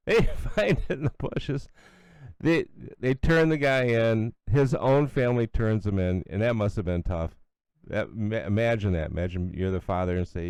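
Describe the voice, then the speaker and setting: A man's voice: mid-range voice, normal speed, creaky, darkish tone, clean tone, dry recording. A middle-aged man hosting a solo commentary show, blunt and sarcastic, scornful, with frequent asides and restarts. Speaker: radio commentary host.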